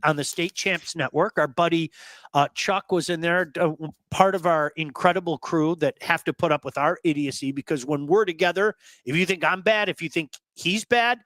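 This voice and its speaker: A man hosting a casual hockey talk show, telling blunt, animated stories and repeating words for emphasis. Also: on the high side, moderate pace, no echo. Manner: blunt, swears.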